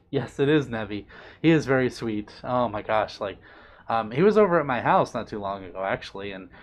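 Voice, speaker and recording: A man casually chatting on a live stream, reading out chat messages in a playful, doting, bubbly way with big jumps in pitch. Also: expressive, moderate pace.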